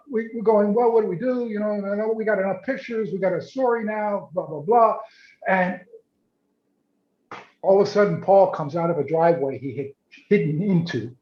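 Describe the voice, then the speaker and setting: A man, a photojournalist, telling a long story in a casual, animated way on a video call, often repeating and restarting words. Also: sits high. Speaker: photojournalist guest. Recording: roomy, dull video call audio.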